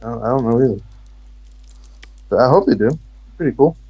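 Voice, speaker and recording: A man's voice: mid-range voice, expressive, fairly quick, husky, muffled recording. A man from Texas speaking with an American accent, rambling and joking sarcastically in casual chat.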